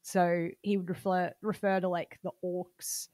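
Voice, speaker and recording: A woman co-hosting a podcast in casual chat, playful and quick to joke. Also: lowish voice, level tone, darkish tone, dry recording, studio quality. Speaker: podcast co-host.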